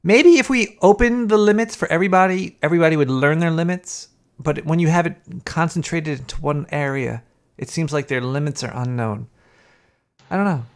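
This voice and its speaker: Young male podcast co-host, gravelly and a bit high, rambling and jokey. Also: fairly quick. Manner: rambling, laughs often, swears. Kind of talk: casual chat.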